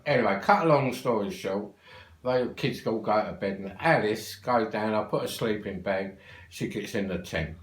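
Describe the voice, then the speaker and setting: An older man with a London accent tells a rambling family story, cheerfully swearing as he goes. His voice sits low and the room around him is echoey. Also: normal speed. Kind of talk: casual anecdote.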